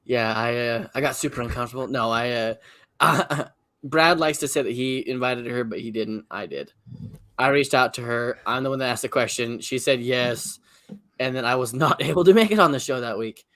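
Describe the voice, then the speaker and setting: A man's voice: mid-range voice, moderate pace, fairly bright tone, no room sound. A man who is a guest on a livestream chat, talking enthusiastically, laughing easily and swearing casually.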